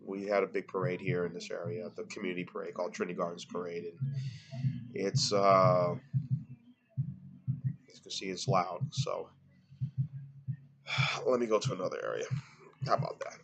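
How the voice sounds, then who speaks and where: A man's voice: sits low, little pitch movement, normal speed, gravelly, pauses often, a bit bright, slightly rough. A man with a congested, nasal voice reviewing a beer at home, rambling and hesitant with many fillers. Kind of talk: casual home review vlog. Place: at home, moving between rooms. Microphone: laptop built-in mic.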